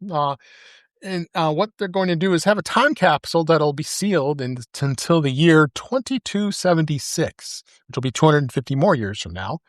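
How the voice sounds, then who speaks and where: A man's voice: a little high, lively intonation, normal speed, no room sound, clean studio sound. Chatty male podcast host, filler-heavy. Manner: rambling with many fillers. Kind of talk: live panel podcast. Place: live event stage.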